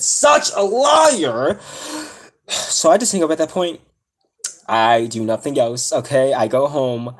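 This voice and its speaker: Young guy streaming, kinda high voice, upset and near tears, lots of um and like. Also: very animated, measured pace. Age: young adult. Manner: upset, rambling, many fillers and restarts. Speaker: streamer telling a personal story. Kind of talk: casual live-stream storytelling.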